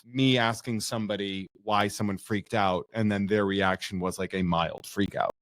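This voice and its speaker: Low-voiced man telling a story. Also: moderate pace, dry recording. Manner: profane, animated storyteller. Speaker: podcast co-host. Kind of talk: casual podcast chat.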